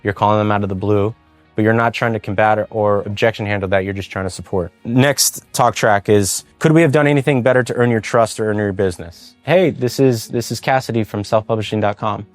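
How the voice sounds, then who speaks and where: A man coaches a sales team in an easy conversational way, stopping now and then to act out sample phone lines. His voice is close and dry on the mic. Soft music plays faintly underneath. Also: fairly low pitch, a little fast, no echo. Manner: coaching, conversational, demonstrates call scripts. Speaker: sales trainer. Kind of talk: sales training talk with role-play demos.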